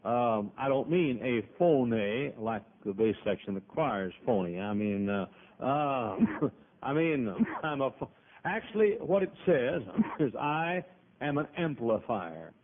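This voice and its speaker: A pastor with a mid-range voice preaches animatedly at a measured pace, folksy and emphatic, stopping frequently to cough. He's using a PA mic in a church auditorium, and the sound comes through thin and tinny, much like a phone call.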